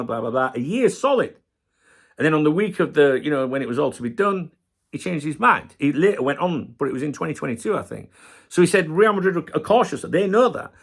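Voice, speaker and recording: A man's voice: a little high, gravelly, breathy edge. A middle-aged man hosting a football channel, ranting passionately and swearing heavily in a casual video.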